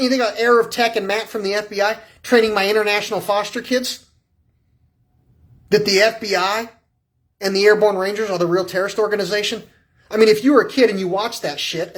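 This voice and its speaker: A man's voice: sits high, a little fast. A man calling in to a radio show with a rambling, agitated, profane rant that jumps between thoughts and acts out little exchanges. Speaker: caller.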